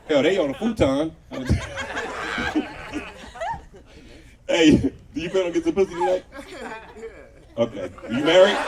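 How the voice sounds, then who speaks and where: A man on stage doing stand-up outdoors, his fairly high voice swinging widely as he tells crude stories and acts out the people in them. He works the crowd directly. The sound is caught from a distance, with a loud audience laughing around him. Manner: crude storytelling with voiced quotes, crowd work. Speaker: stand-up comedian. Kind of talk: stand-up comedy set. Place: outdoor patio comedy show.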